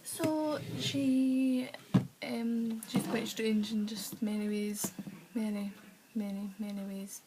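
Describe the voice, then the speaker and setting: A woman's voice: a little high, steady tone, slow pace, heavy background noise. A woman telling rambling stories in a casual vlog, full of fillers and acted-out quotes. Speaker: vlogger.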